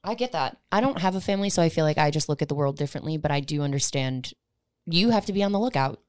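A young woman co-hosts a podcast, talking fast in a low voice. She is agreeable and chatty, and the sound is dry and close. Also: lively intonation, a little mellow, clean tone, no echo. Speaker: podcast co-host. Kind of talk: casual chat.

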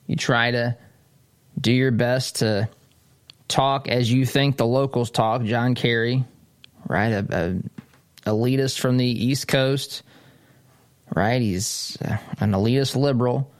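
A man hosting a political talk show at his desk, his voice sitting at an ordinary middle pitch. He rambles conversationally, doubling back and restarting his sentences. The sound is close and dry, with no room echo. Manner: conversational and digressive, with frequent restarts. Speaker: host of a political commentary show. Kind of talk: casual political commentary. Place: studio desk.

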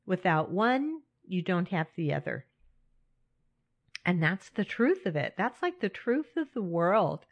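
A woman's voice: on the low side, big pitch swings, measured pace, dry recording. A middle-aged woman hosting a casual self-help talk, speaking candidly and with animation, often laughing and addressing her listeners directly. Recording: dry, slightly muffled recording.

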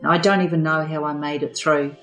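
An older woman speaks in a deep, low register. She recounts her own story in a measured, earnest way, as a personal testimony. Soft music plays faintly underneath. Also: fairly even intonation, poor audio. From New Zealand. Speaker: former therapist sharing her story.

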